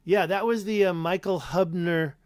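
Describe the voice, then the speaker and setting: Chatty, slightly high-voiced man on a live stream. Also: steady tone, normal speed, clear, resonant tone, no room sound, studio quality. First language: English. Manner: rambling, chatty, self-correcting, reads viewer names aloud. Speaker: YouTube host answering live chat.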